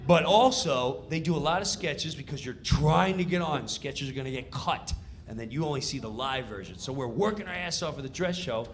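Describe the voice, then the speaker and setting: A man telling a comedic story, acting out voices and countdowns in an animated way. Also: fairly high pitch, normal speed.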